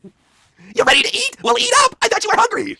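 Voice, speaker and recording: A man voicing a domineering, cruel wife in an improvised comedy skit, gloating and yelling in a falsetto. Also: wildly swooping pitch, racing, vocal fry, no echo, studio quality, exaggerated voice. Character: bossy shrieking domineering wife of a wrestling boss.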